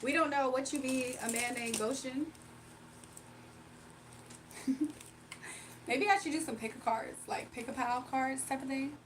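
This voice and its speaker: High-voiced woman ranting on livestream. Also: a little slow, pauses often, recorded from a distance, a little hiss or hum, low-quality recording. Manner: blunt, repetitive rhetorical questions. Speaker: livestreamer reading cards for chat. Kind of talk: heated livestream rant to chat.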